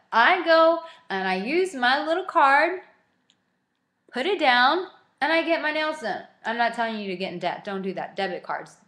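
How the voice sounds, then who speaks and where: A young woman giving a motivational self-help talk, animated and acting out little dialogues as she goes. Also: a little high, reverberant. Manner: animated, acts out quoted dialogue.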